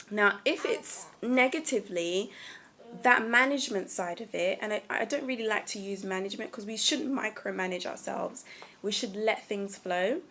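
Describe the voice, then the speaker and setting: A woman speaking at home in a casual self-help talk, gentle and earnest, often restarting her sentences. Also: medium pitch, moderate pace. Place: at home with a small child nearby.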